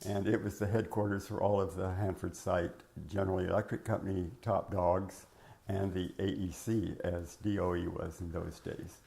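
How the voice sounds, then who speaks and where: Older man, oral history interviewee: low, gravelly, reminiscing, lots of "uh" and restarts, voice cracking at times. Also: flat delivery, normal speed, dark tone. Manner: rambling, reminiscing, many fillers and restarts. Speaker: interviewee recalling his working life.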